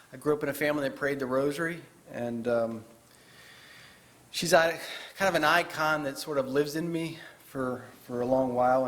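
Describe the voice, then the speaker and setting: A man's voice: mid-range voice, a bit bright. A man giving a chatty, joking talk as a guest author to a live audience in a parish hall. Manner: chatty, joking, with fillers and restarts.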